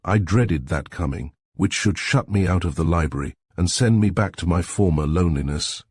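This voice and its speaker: A man reading a sleep story aloud in a calm, soft-spoken, measured way with a husky voice. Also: low voice, no room sound, clean studio sound.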